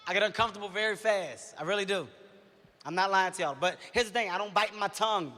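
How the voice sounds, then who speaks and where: Man, high and forceful, fast talker; blunt, candid comic bit in a big echoing hall. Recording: long reverb, as in a hall.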